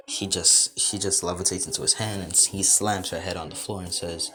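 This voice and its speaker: A man's voice: sits low, fairly even intonation, normal speed, noisy background. A man improvising a fan fiction story, rambling in run-on sentences strung together with "as".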